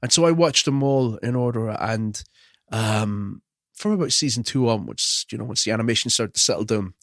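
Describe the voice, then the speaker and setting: A man's voice: mid-range voice, normal speed, a bit bright, dry recording, studio quality. A man co-hosting a podcast, chatting casually and with strong opinions about films and TV. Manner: chatty, opinionated, does little mock voices. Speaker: podcast co-host. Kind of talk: casual film chat.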